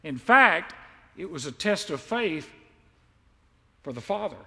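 Male pastor, high voice, sermon delivery; emphatic swells and quiet asides, echoey church. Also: sing-song, slow. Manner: emphatic, swells loud on key lines, then drops quiet and confiding. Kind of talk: sermon, reading scripture with commentary.

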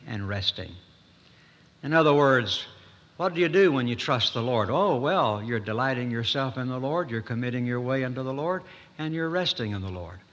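A man preaching a sermon in a folksy manner, with dramatic pauses and rising emphasis. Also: medium pitch, pushed and bright. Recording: echoey hall.

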